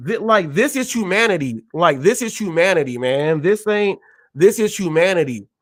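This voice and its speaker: A man's voice: high voice, expressive, moderate pace, a bit bright, no room sound. A man hosting a gig-economy show, ranting with emphatic repetition and indignation. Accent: Californian English. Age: adult, a parent. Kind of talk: heated live commentary.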